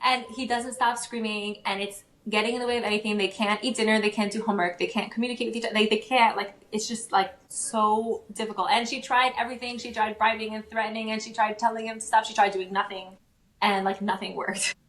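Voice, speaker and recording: A woman guest on a podcast interview, telling stories in a lively way, acting out what people said and using lots of "like". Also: medium pitch, brisk, reverberant. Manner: animated storyteller who acts out quotes, many fillers. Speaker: guest, parenting approach practitioner.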